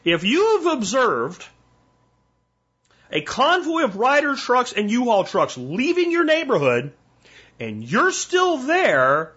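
An older man hosting a solo podcast, talking bluntly and emphatically in warning tones, with a husky voice. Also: very high voice, huge pitch swings, slow, a bit bright, dull audio. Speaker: podcast host.

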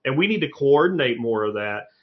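A man in casual conversation, telling stories with lively energy and the odd curse word. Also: mid-range voice, a little fast. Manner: animated storyteller, swears casually. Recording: slightly muffled lo-fi audio.

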